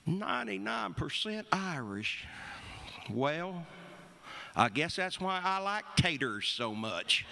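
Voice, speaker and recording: A woman's voice: on the low side, sing-song, slow pace, creaky, bright, forceful tone, slight background noise, voice pushed up, full character voice. A man putting on an elderly mountain woman. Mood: plainspoken. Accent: Appalachian mountain. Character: elderly mountain woman with a folksy upbeat manner.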